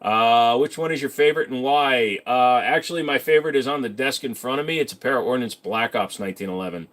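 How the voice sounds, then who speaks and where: A man's voice: mid-range voice, fast talker, a bit bright. A man hosts a casual livestream and answers viewer questions one after another. His delivery is loose, jokey and self-mocking, sliding into careful detail whenever he explains his subject. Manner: knowledgeable about handguns, explains in detail.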